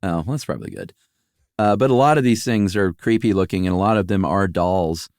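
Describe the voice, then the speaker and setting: A man's voice: very animated, a little fast, a little mellow, dry recording, clean studio sound. A middle-aged man co-hosting a podcast, chatting casually and playfully. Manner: playful, sings a jingle in a high voice. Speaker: podcast co-host. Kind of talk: casual chat.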